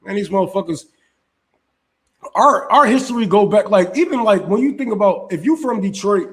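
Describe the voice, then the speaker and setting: A man's voice: high voice, expressive, moderate pace. A man hosting a casual opinion livestream, talking in a heated, profane, emphatic way with frequent restarts. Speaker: livestream host. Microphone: streaming setup mic.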